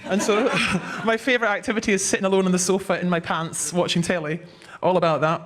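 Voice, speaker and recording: A woman's voice: lowish voice, steady tone, fast. A woman doing stand-up, with dry, wry self-deprecating humor. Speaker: stand-up comedian. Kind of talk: stand-up comedy.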